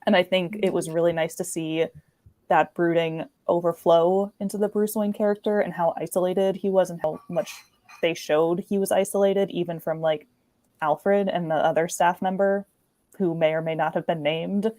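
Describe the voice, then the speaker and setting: Low-voiced woman chatting about a film. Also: normal speed, no room sound. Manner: relaxed, uses many "like" fillers. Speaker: podcast co-host. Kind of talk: casual film review chat.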